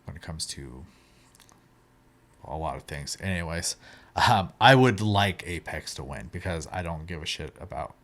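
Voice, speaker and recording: A man's voice: sits low, lively intonation, normal speed, a bit bright. A man co-hosting a casual podcast, giving his opinions in an offhand, dry way. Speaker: co-host.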